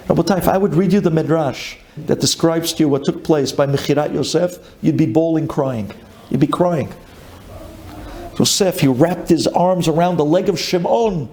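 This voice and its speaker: A man, a rabbi, giving a sermon dramatically, swinging from loud pleading to hushed intensity. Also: a little high, lively intonation, moderate pace, creaky.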